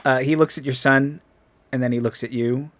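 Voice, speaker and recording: A man's voice: medium pitch, fairly even intonation, moderate pace. Hesitant man running a tabletop game. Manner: hesitant, full of ums and uhs. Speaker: game master.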